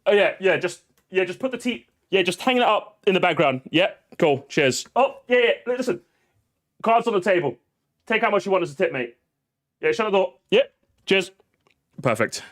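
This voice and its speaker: A man streaming a reaction, joking sarcastically and swinging between loud outbursts and muttered asides. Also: high-pitched, big pitch swings, normal speed. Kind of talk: casual live-stream reaction.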